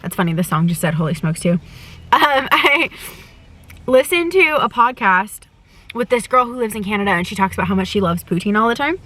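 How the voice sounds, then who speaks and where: A young American travel vlogger talks to her camera from a parked car, eating as she goes and often speaking with her mouth full. Her mid-range voice is expressive, fairly quick, pushed and bright, and she gushes throughout.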